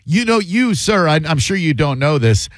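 A man's voice: a little high, big pitch swings, normal speed, no room sound. A man hosting a call-in radio show, talking in a wry, joking and opinionated way into a studio microphone.

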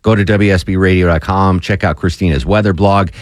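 A male radio host with a lowish voice jokes his way through loose, chatty banter. He speaks in a dry, close studio sound with no room echo. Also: steady tone, fairly quick. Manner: joking, laughs easily, loose asides.

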